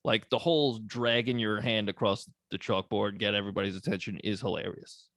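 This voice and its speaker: Gravelly young man in laid-back chat. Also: fairly low pitch, steady tone, a little fast, a bit bright, no echo, studio quality. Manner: laid-back, laughs often, swears freely. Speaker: podcast co-host. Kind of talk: casual joking chat.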